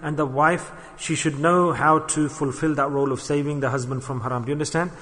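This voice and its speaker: A man's voice: fairly high pitch, steady tone, fairly quick, a bit bright. A man preaching a sermon with impassioned, rising and falling emphasis. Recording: long hall reverb.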